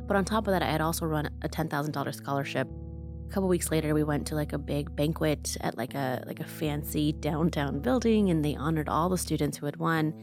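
A young woman from Mexico recounts her life in a candid, chatty interview, acting out the voices of the people she quotes. Her voice sits notably low, and clear music plays behind her. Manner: candid, conversational, many fillers and acted-out quotes. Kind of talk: personal storytelling interview.

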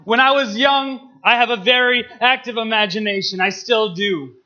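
Young man, high bright voice, playful and emotional church talk, muffled recording. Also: normal speed. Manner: playful, emotional, laughs often. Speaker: guest speaker.

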